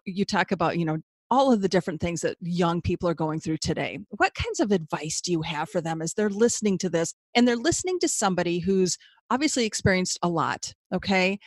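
A woman's voice: on the low side, no echo, clean studio sound. A woman hosting a podcast who asks long, winding questions in an affirming tone. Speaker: podcast host. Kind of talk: interviewing.

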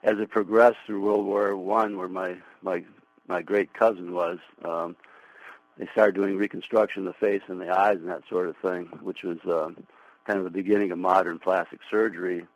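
A man's voice: sits low, little pitch movement, moderate pace, no room sound, dull audio. An older man calling in to a radio show as a plastic surgeon, rambling with restarts. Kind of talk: call-in radio chat.

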